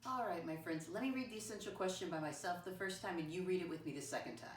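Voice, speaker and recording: A woman teaching first graders, patient and teacherly, spelling words out slowly and calling her listeners "my friends". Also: on the low side. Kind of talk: recorded classroom lesson for young children. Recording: roomy, voice from a distance, faint background noise.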